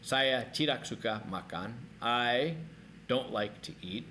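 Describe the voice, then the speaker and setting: A man teaching a language lesson, explaining phrases in an upbeat, animated way. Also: medium pitch, slow pace, slight background noise.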